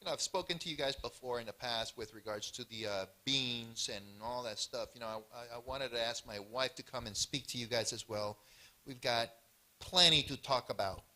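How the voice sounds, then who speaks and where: A man's voice: mid-range voice, moderate pace. A man giving an informal health seminar talk at a church event, storytelling with lots of expression and acted-out bits. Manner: animated storytelling with acted-out voices.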